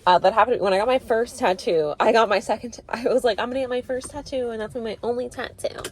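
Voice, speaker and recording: A woman's voice: fairly high pitch, steady tone, fast talker, darkish tone, slight background noise. A young woman vlogging in a bubbly, rambling, casual way, with lots of fillers. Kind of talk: casual chat.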